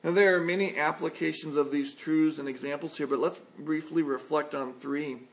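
A man preaching an expository sermon as a pastor, earnest and measured, in a conversational tone. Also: a little high, fairly even intonation.

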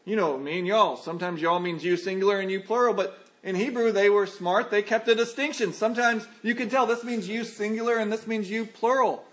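A pastor delivers a sermon in a fairly high voice. He speaks earnestly and with life, acting out the voices he quotes. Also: fairly even intonation, a little fast, few pauses, fairly bright tone.

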